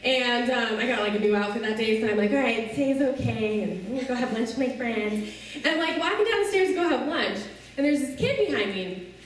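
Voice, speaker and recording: A woman's voice: fairly high pitch, lively intonation, a little fast. A woman giving a personal testimony talk to a youth audience, telling her story earnestly and often checking in with her listeners. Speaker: speaker addressing a youth audience. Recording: echoey hall from a distance.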